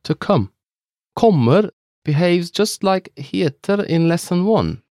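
Upbeat man teaching with lively pitch. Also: slow, no room sound, studio quality. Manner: upbeat, encouraging listeners. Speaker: co-host of a language lesson. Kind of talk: scripted lesson dialogue.

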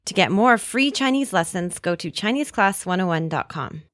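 A woman reading a scripted promotional announcement in an upbeat, smooth way. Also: mid-range voice, lively intonation, normal speed, a bit bright, no echo, studio quality.

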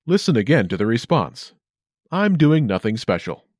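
A man leads a short, scripted language lesson, his instructional delivery clear and upbeat. His pitch moves lively through every phrase at a normal speed, and the dry recording makes his voice sound close, with no room around it.

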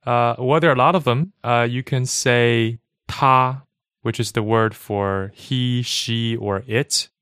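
A man's voice: medium pitch, steady tone, unhurried, hardly any pauses, a bit bright, clear, resonant tone, no room sound, clean studio sound. A man co-hosting a language lesson with easygoing, brief answers. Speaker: co-host giving example words. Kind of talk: relaxed podcast lesson.

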